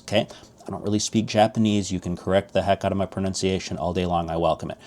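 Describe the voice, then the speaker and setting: A man from Chicago, a language teacher, giving an upbeat video lesson and slowing down to model example sentences. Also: deep voice, fairly even intonation, darkish tone.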